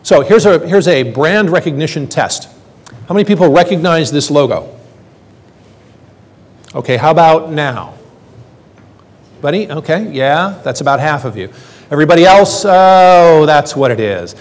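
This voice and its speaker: Older guy giving a talk, bouncy animated voice, jokey, lots of hall reverb. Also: fairly high pitch, normal speed, pauses often. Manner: quipping, plays out quoted voices. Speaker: conference speaker. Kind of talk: lively conference talk. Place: lecture hall.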